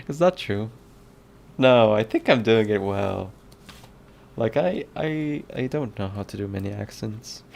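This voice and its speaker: A man's voice: fairly low pitch, expressive, takes it slowly, vocal fry, pauses often, a little hiss or hum. A man chatting casually on a live stream as a game developer, playfully reading chat aloud and answering with frequent laughs.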